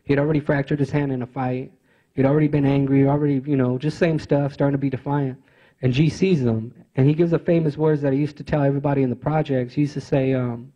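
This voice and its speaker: A man tells his own story to a conference audience, earnest and halting, circling back with fillers and restarts. His voice is husky and mellow at an average pitch. The recording is muffled and lo-fi. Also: little pitch movement. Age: adult father of teenage sons. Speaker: conference speaker. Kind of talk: personal storytelling speech.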